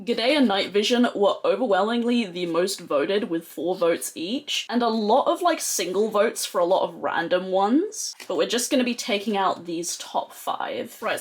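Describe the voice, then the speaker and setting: A young adult woman who talks chattily and excitably as a beauty vlogger, with lots of "like" fillers. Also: medium pitch. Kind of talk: casual chatty tutorial.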